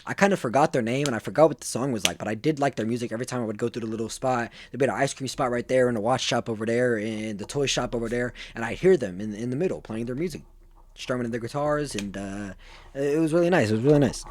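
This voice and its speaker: A man's voice: mid-range voice, fast talker. Rambling eighteen-year-old guy. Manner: rambling, full of fillers and restarts. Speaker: vlogger. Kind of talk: casual storytelling.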